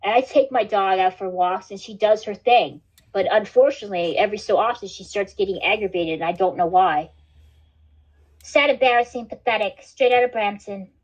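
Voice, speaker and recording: A woman's voice: mid-range voice, a little fast. A woman hosting a casual livestream, rambling and swearing, with "like" and "dude" in most sentences. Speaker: livestream host. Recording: dull lo-fi stream audio.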